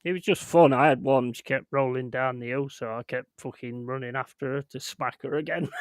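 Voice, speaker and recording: A man's voice: mid-range voice, moderate pace, no echo, clean studio sound. A young man hosting a stream, swearing freely and laughing as he tells rambling stories. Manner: swears heavily, laughs through rambling anecdotes. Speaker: streamer hosting a football watchalong. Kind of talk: casual chat.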